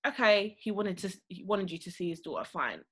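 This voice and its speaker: Woman, podcast co-host, questioning, very bright voice. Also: medium pitch, lively intonation, a little fast, slightly rough. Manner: reactive, questioning, exclamatory. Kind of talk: casual chat.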